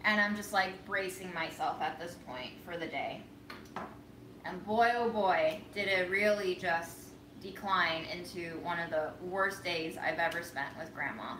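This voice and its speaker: A woman's voice: fairly low pitch, unhurried. A woman telling a story in a casual vlog, frank and profane as she vents, recorded a little away from the mic in an echoey room. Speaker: vlogger. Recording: echoey room, voice a bit far from mic, faint background noise.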